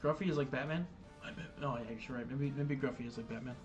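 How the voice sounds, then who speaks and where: A man's voice: mid-range voice, fast talker, dull audio, soft background music. A man hosting a casual gaming livestream, chatting loosely with viewers, swearing and stumbling over restarts and fillers. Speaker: livestream host.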